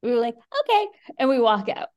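A woman's voice: mid-range voice, moderate pace. Chatty middle-aged woman telling a story. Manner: lively anecdotal, acts out quotes, swears freely. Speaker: podcast guest. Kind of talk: animated storytelling.

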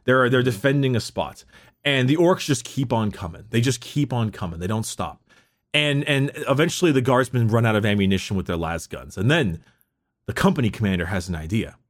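Man, casual storyteller, lively swinging pitch, laughs a lot, repeats words. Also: a little fast. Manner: animated, laughing, with restarts.

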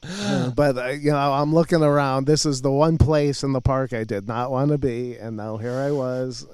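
A man's voice: mid-range voice, fairly even intonation, moderate pace, darkish tone, clean tone, dry recording. A man telling a long personal story in a casual group chat, laughing often as he talks.

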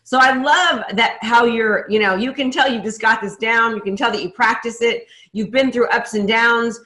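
Bright upbeat woman in an echoey room. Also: fairly high pitch, steady tone. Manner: upbeat, talks in quick bursts with many restarts. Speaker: podcast host. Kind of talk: casual interview chat.

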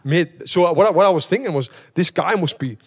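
A man hosting a casual chat, telling stories with lots of swearing and loud acted-out quotes. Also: high voice, brisk, breathy edge. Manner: animated storyteller, swears freely, acts out quotes loudly. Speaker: podcast host.

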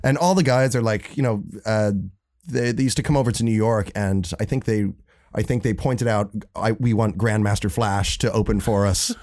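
A man, a musician guest in a casual chat, rambling and halting as he tells stories. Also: lowish voice, a little mellow.

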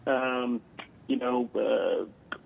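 A man, a guest on an interview, telling a story over the phone, halting with many filler sounds. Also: medium pitch, vocal fry, slightly rough. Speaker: guest paranormal investigator. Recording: tinny phone line.

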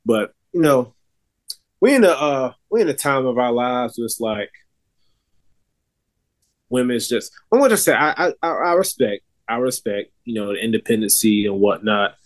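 A young man co-hosting a casual podcast chats loosely and ramblingly, with many fillers and restarts. His voice is medium-pitched and animated, at a normal speed.

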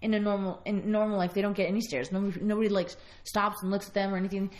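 A woman's voice: mid-range voice, flat delivery, very fast. A woman guest in a casual interview, talking in a bubbly way full of "like" fillers.

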